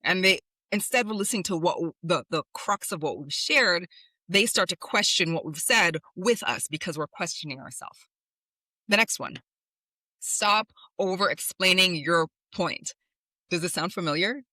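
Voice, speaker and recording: A woman's voice: lowish voice, lively intonation, moderate pace, pushed and bright, dry recording. A woman podcast host and communication coach, talking straight to listeners in an emphatic, instructive way. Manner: emphatic, instructive, repeats commands. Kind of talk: direct-address coaching monologue.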